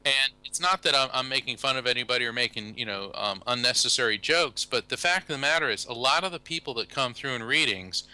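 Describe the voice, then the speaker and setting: An American man, a guest on a talk show, telling anecdotes in a casual, animated way and acting out the people he quotes. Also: medium pitch, quick pace, few pauses, clear, resonant tone, rough recording. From USA. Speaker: guest, psychic medium and lawyer. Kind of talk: casual storytelling interview.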